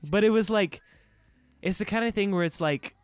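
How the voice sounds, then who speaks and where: A man co-hosting a podcast in casual chat, animated, laughing often and acting out quotes. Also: high voice, normal speed, clear, resonant tone, dry recording, faint music behind. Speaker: podcast co-host.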